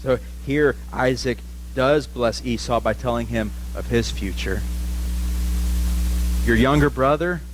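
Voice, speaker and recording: A man's voice: mid-range voice, measured pace, pauses often, noisy background. A male pastor preaching a sermon, telling a story with animation and questions for the congregation.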